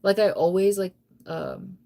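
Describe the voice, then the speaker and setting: A woman's voice: mid-range voice, measured pace, gravelly. A young woman chatting casually on a late-night livestream, sleepy and yawning, rambling with lots of "like". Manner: relaxed, rambling, heavy use of "like".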